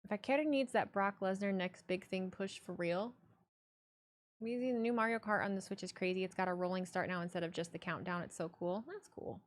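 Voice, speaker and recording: A woman's voice: mid-range voice, brisk. Blunt, profane woman streamer. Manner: blunt, profane, animated ranting. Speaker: streamer reading chat. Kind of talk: casual live-stream chat.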